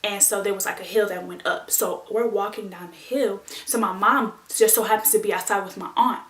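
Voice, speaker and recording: A woman vlogger telling a lively childhood story straight to her viewers, very expressive and chatty. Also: medium pitch, a little fast. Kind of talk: animated storytime monologue. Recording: roomy echo.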